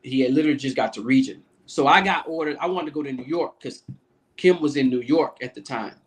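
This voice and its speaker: A man's voice: mid-range voice, fairly quick. A man guest on a podcast, a Navy command master chief, telling a loose, profane story and acting out the people he quotes. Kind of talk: casual storytelling interview.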